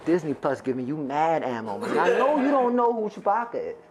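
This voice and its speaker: A male stand-up comic working a live room, his pitch swooping up and down as he tells his stories. He rambles and swears in a loose, conversational way, talking straight to the crowd. A faint hiss of noise sits under the voice. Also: big pitch swings, fairly quick. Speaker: stand-up comedian. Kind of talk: stand-up comedy set. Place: stage before a live audience.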